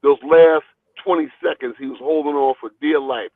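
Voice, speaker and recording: A boxing trainer telling stories in a phone interview, talking in an animated, rambling way and repeating his words. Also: fairly high pitch, normal speed, no room sound. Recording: tinny phone line, dry.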